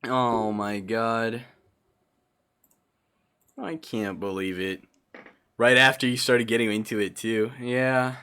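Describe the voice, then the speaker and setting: A young man from Brazil doing live gameplay commentary as a streamer, excitable and quick to swear and yell. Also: medium pitch, smooth. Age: young adult. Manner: excitable, swears often, yells and laughs in frustration.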